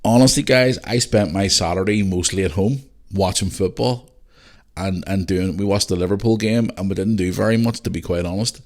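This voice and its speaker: Guy with a real low voice just chatting on his podcast, easygoing, swears a lot. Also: normal speed. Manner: chatty and loose, swears freely. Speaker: podcast host. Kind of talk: casual solo podcast chat.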